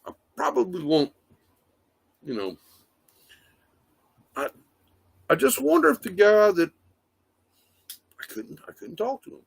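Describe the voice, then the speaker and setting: A man's voice: high voice, wildly swooping pitch, measured pace, creaky, pauses often, husky, dry recording. A man rambling casually on a livestream, swearing often and leaning on fillers. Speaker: livestream host. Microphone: phone.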